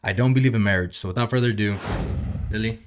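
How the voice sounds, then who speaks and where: A man's voice: on the low side, quick pace, slight background noise. A man hosting a casual podcast, talking conversationally and posing rhetorical questions. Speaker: podcast host.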